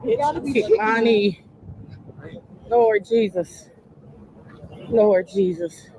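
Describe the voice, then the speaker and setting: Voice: mid-range voice, animated, extremely slow, a crowd in the background, rough recording. A person praying aloud and pleading while livestreaming outdoors on a city street. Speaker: livestreamer at a scene. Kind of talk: emotional live stream. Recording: phone livestream with street noise.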